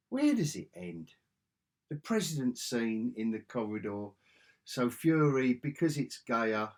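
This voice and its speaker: A man's voice: mid-range voice, a little mellow. A man giving a casual video review, ranting sarcastically and exasperatedly, with frequent restarts. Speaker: film reviewer.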